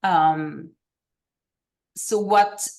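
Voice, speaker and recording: A woman's voice: sits low, fairly even intonation, extremely slow, a little mellow. A woman with a French accent, speaking hesitantly with many fillers, asking for advice on a video call. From France. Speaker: group participant. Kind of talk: casual group chat on a video call.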